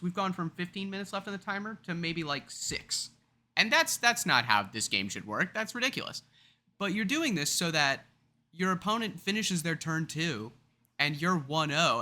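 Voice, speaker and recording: A man's voice: fairly high pitch, pushed and bright. A man explaining a card game topic in a chatty, rambling, self-deprecating way, now and then acting out scenarios. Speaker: card game video creator.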